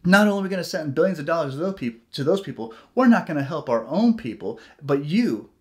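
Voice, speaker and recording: A man's voice: fairly high pitch, expressive, quick pace, darkish tone. Ranting male vlogger. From United States. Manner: heated, profane ranting with tangents and mocking quoted voices. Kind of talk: ranting solo vlog.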